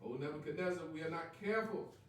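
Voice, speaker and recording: High-voiced man reading scripture from afar. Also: quick pace, slight background noise. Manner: reads steadily, announces verse numbers. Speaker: scripture reader. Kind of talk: reading King James verses aloud. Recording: very echoey room, far from mic.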